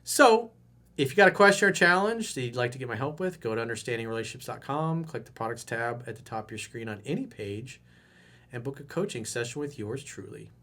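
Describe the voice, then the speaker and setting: Blunt, animated middle-aged male dating coach. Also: fairly quick. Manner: blunt and animated, acting out quoted outbursts in loud high voices. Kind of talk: video newsletter advice monologue.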